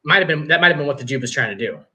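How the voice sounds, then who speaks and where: A man with a bright, tense, slightly high voice rambles through his sports opinions. He swears casually and often restarts his sentences mid-thought. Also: expressive, very fast, husky. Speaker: podcast co-host.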